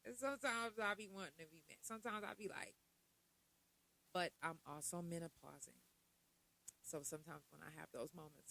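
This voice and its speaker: A woman's voice: lowish voice, brisk, creaky, pauses often, a bit bright, poor audio. Middle-aged woman hosting a casual podcast. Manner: conversational, full of rhetorical questions and asides. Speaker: podcast host.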